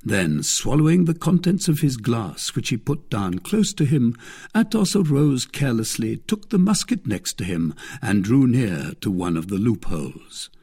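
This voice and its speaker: A male audiobook reader telling a classic adventure story. His voice is gravelly and husky, and his reading moves through a lively pitch range. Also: moderate pace. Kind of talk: scripted narration.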